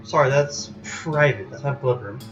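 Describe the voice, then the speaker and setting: A man's voice: mid-range voice, normal speed, muffled recording, close to an everyday voice. A man reading out game dialogue as a creepy, grinning male innkeeper who stretches and oddly stresses his words, over music. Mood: creepy cheerful.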